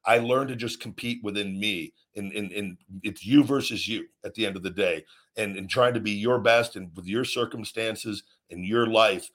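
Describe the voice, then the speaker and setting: A man with a low voice talks at length in a motivational podcast. He is earnest and wanders through his points, often restarting a sentence before finishing it. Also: moderate pace, a bit bright. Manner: rambling, earnest, many restarts. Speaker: podcast host, former wrestler.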